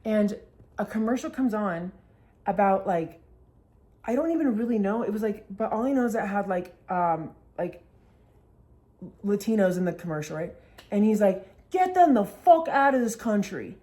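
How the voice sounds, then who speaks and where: A woman's voice: medium pitch, moderate pace, pauses often, warm tone. A woman in her twenties tells a story in a casual, chatty way, swearing freely and saying "like" a lot. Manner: chatty, profane, heavy use of "like". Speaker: vlogger.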